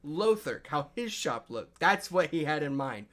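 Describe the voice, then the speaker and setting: A man chatting casually as a player in a tabletop game, animated and giggly. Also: fairly high pitch, measured pace. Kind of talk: casual chat.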